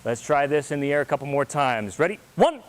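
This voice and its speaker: A man teaching a martial arts class, counting moves and giving brisk coaching cues. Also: medium pitch, steady tone, smooth.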